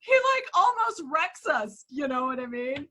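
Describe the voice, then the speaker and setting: A woman in her forties, a real estate agent and coach, telling stories in a lively, profane, laughing way from her office in a casual interview. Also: sits high, a little slow. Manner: animated, profane, laughing storyteller.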